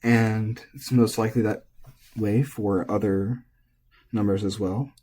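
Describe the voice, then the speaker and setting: Relaxed male teacher with a low, mellow voice, explaining casually and correcting himself mid-thought. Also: measured pace. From United States. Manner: relaxed, thinking aloud, self-correcting. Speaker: language teacher.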